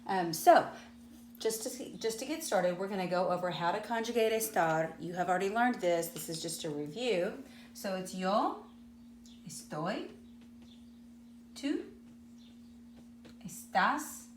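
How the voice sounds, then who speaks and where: A woman's voice: medium pitch, expressive, unhurried, pauses often. A Spanish teacher with a Southern US accent, a woman who patiently explains and asks her class questions. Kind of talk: classroom lesson to students. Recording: echoey room with faint hum.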